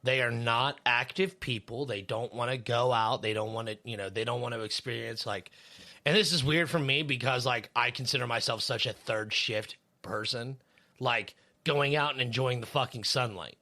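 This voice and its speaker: A man's voice: mid-range voice, normal speed, bright, forceful tone. A man co-hosting a podcast, chatting casually in a rambling way, with lots of fillers and swearing. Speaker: podcast co-host; third shift worker.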